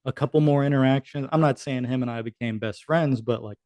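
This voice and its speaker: A man's voice: mid-range voice, brisk, mellow, dry recording. A man in his thirties, a military veteran guest on a podcast, telling a war story in a casual, profane way. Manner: casual, profane, acts out quoted dialogue. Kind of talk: conversational storytelling.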